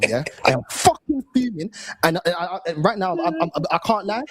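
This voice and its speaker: A man's voice: sits high, sing-song, fairly quick, slightly rough. A young man with a London accent hosting a fan call-in show, ranting furiously and swearing in heavy slang. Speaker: fan channel host.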